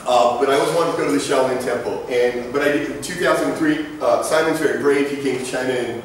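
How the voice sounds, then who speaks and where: A man's voice: mid-range voice, steady tone, fast, slight background noise. A man in his forties giving a conversational talk to students, telling stories with jokes and asides. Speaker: guest lecturer. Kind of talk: presentation to students. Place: large lecture hall. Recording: echoey hall from far off.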